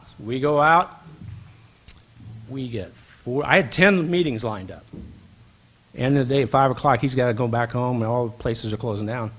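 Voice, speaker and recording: A man's voice: medium pitch, moderate pace, long pauses, fairly bright tone. A man giving a speech at a banquet, telling an anecdote and acting out the dialogue. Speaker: banquet speaker. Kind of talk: storytelling speech. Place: event hall.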